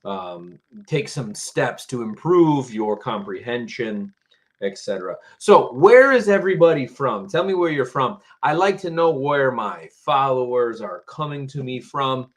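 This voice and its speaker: A man teaching English phrasal verbs on a live stream, patient and slow, repeating words for learners. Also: medium pitch, big pitch swings. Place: home, Tampa area.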